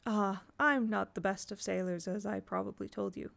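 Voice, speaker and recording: A woman reading aloud, voicing a smooth, falsely charming grown woman with a bright, sweet manner that turns cold and tight. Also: mid-range voice, fairly even intonation, normal speed. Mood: falsely pleasant.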